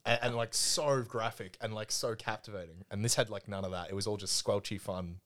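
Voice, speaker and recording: A man's voice: on the low side, steady tone, fairly quick, a bit bright. An Australian man co-hosting a casual film podcast, joking, laughing often and swearing freely. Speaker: podcast co-host. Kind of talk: casual chat.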